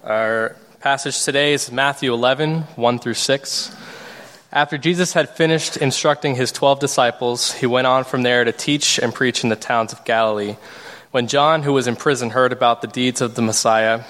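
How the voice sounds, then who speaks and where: A man reading a Bible passage aloud in a measured, steady way to a congregation. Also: mid-range voice. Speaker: scripture reader. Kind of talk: scripture reading. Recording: reverberant hall.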